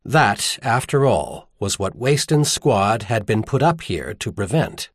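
A man narrating a novel as an audiobook in an expressive storytelling manner. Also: fairly low pitch, slow pace, hardly any pauses, husky, no echo, studio quality. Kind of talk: scripted narration.

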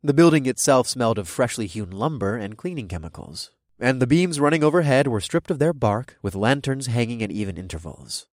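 Expressive male fantasy narrator, dry sound. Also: medium pitch, fairly quick, few pauses, no echo. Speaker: audiobook narrator. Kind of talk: first-person fantasy narration.

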